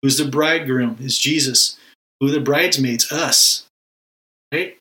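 A man's voice: mid-range voice, measured pace, sharp tone, poor audio. A man giving a casual, emphatic talk on prayer, often repeating words and asking rhetorical questions. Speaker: Christian teacher on prayer. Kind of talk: casual spoken teaching.

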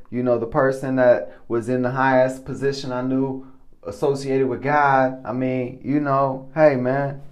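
A man's voice: medium pitch, darkish tone. A man giving a casual testimony monologue into his own recording mic, effusive and exclamatory, repeating himself often. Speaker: podcast host.

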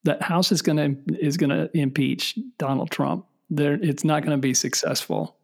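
A man's voice: fairly high pitch, fairly even intonation, moderate pace, creaky, darkish tone. A middle-aged man hosting a casual political podcast with his sons, wry and rambling, often trailing off. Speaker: podcast host and father.

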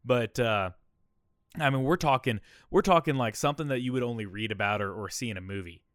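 A man's voice: medium pitch, fairly quick, a bit bright, no echo, studio quality. A man around thirty, a podcast host telling a personal story in a candid, rambling way, often checking in with "okay?" and "all right?".

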